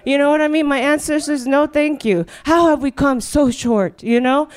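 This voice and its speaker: A woman's voice: high-pitched, moderate pace, hardly any pauses. A young woman doing a rambling stand-up monologue on stage, then hosting a live comedy show. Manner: rambling, riffing, full of "you know". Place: stage before a live audience.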